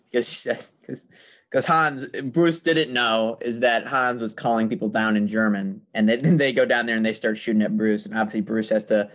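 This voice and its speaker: A man's voice: on the low side, fairly even intonation, normal speed, a bit bright. A man in casual conversation, enthusiastically talking about a film and sharing trivia. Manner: enthusiastic, chatty, shares trivia. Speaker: podcast co-host discussing a film.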